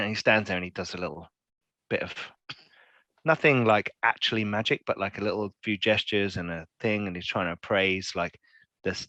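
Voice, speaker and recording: A man's voice: fairly low pitch, moderate pace, sharp tone, no room sound. A man narrating as game master in a tabletop game, playful and rambling with fillers.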